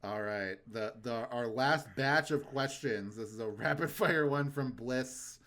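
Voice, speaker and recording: A man's voice: mid-range voice, a little slow, a bit bright. Young male podcast co-host, laid-back and chatty. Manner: laid-back, quotes cartoon lines in funny voices. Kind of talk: casual chat.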